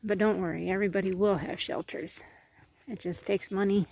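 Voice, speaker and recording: Outdoors on her farm, a homestead vlogger gives a casual walking tour, chatting as she goes and cooing to her animals in a higher voice. She talks briskly with a steady, slightly mellow tone and some vocal fry.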